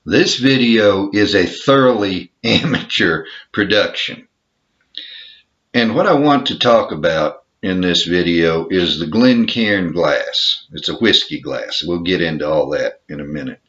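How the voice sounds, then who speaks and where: Man, Texan accent, deep voice, unhurried, meandering home vlog, muffled lo-fi sound. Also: animated, a bit bright. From Texas. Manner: easygoing, self-deprecating, meandering. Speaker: home video maker. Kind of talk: casual show-and-tell vlog. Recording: dull lo-fi home recording.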